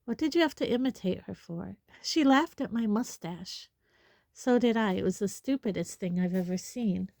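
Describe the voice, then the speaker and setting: A sulky teenage boy, read by a woman narrator, muttering his complaints. The voice is mellow and dry. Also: medium pitch, animated, moderate pace, vocal fry, no room sound.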